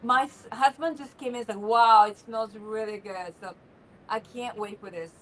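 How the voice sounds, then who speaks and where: A woman's voice: on the high side, fairly even intonation, moderate pace, a loud crowd. A woman co-hosting a casual livestream from her kitchen, chatty and effusive. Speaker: livestream co-host. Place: home kitchen.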